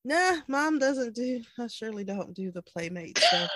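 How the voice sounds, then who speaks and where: A woman's voice: on the high side, sing-song, moderate pace, a bit bright, no room sound. A woman in her thirties co-hosting a podcast, chatting casually, laughing often and acting out quotes. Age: 30s. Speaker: podcast co-host. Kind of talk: casual chat.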